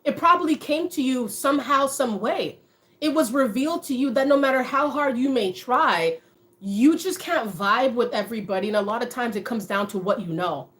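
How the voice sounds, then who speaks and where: A woman talking casually to her viewers on a livestream, chatty and animated, often laughing and dropping in "you know.". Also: on the high side, moderate pace. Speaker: motivational vlogger.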